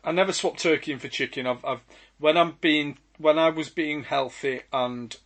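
A man co-hosting a podcast, chatting casually with deadpan jokes. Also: on the high side, moderate pace. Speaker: podcast co-host. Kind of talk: casual chat.

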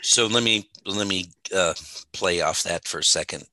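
A man's voice: sits low, normal speed, sharp tone, dry recording. A man co-hosting a casual theology talk, telling stories with emphasis and frequent laughs. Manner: storytelling, emphatic, laughs often. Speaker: Bible teacher, co-host.

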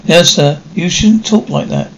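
A man playing a gentle, loyal male servant in a 1950s television drama, speaking politely and soothingly. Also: high-pitched, a little slow, gravelly, low-quality recording. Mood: soothing, deferential. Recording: faint hiss of an old TV soundtrack.

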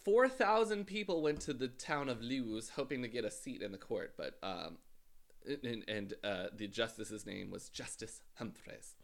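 A man's voice: mid-range voice, animated, normal speed, creaky. A man co-hosting a casual podcast, telling a true-crime story with frequent ums and dry asides. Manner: hesitant, many ums and uhs, dry asides. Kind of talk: casual chat, recounting a case.

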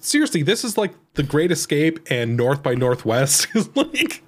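A man's voice: a little slow, breathy edge. A man co-hosting a podcast, chatting casually about a film and laughing often. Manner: laughs often, lively swings in pitch. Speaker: podcast co-host. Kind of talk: casual movie-discussion chat.

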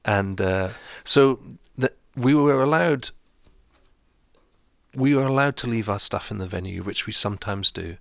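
Low gravelly man chatting on radio. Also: measured pace, no echo, studio quality. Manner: relaxed storyteller, chuckling at himself. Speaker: radio show host. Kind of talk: casual radio chat.

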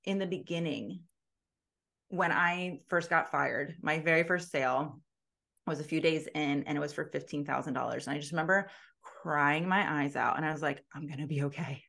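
A woman speaks as a podcast guest, telling her story in a casual interview. Her voice sits a little low. She is emphatic and moves from hushed moments to loud ones. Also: moderate pace, gravelly. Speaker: guest, business owner and coach.

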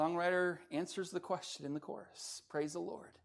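A man preaching as pastor at a church service, with folksy humor, swinging from quiet asides to loud, rising passages. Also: high voice, fairly even intonation, normal speed, creaky, hardly any pauses. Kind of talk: sermon.

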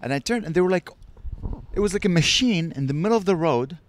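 A man co-hosting a podcast in casual chat, telling travel stories in a profane, animated way. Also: high-pitched, quick pace, a little hiss or hum. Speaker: podcast co-host.

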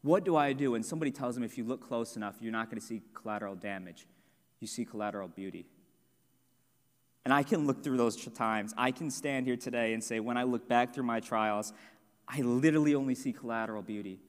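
A man's voice: mid-range voice, brisk. A young man preaching a sermon with earnest personal testimony, building to emphatic points. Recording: long hall reverb.

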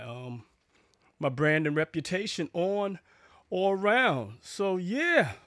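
A man's voice: medium pitch, vocal fry, fairly bright tone, dry recording, clean studio sound. A man talking casually to camera in a rambling, sarcastic vlog, full of fillers and restarts. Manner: chatty, sarcastic storytelling with frequent fillers and restarts. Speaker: vlogger.

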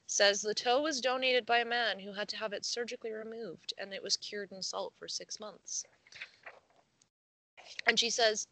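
A woman's voice: medium pitch, sharp tone, no echo, low-quality recording. A young woman co-hosting a casual podcast, reading a news story aloud with frequent giggles and casual swearing. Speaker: podcast co-host.

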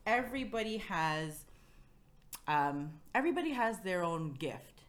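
A woman's voice: fairly low pitch, big pitch swings, measured pace, a little hiss or hum. A woman talking earnestly as a podcast guest, giving motivational advice in a casual chat and often asking "you know what I mean".

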